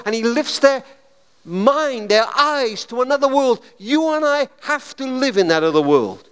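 A man preaching a sermon, telling stories in a dramatic, animated way. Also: very high-pitched, normal speed, clear, resonant tone, big-room sound. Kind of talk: sermon with storytelling.

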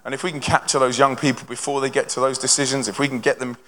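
Telling stories to a live church audience, this young touring Christian band member talks fast at a medium pitch. His delivery is energetic and chatty with many restarts, and long reverb fills the big hall.

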